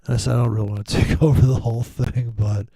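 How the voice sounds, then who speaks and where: A man's voice: mid-range voice, steady tone, fast talker, gravelly, dark tone, slightly rough, no echo, low-quality recording. A middle-aged man telling rambling stories in casual talk, swearing freely, laughing often and acting out other people's lines. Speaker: forex trader telling stories. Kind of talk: casual storytelling.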